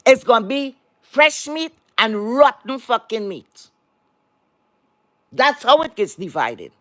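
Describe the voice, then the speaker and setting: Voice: medium pitch, very animated, slow, fairly bright tone, dry recording, studio quality. An online commentator in a heated monologue rant, blunt and profane, repeating words for emphasis and firing rhetorical questions at the viewers. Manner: talks to the audience directly with rhetorical questions.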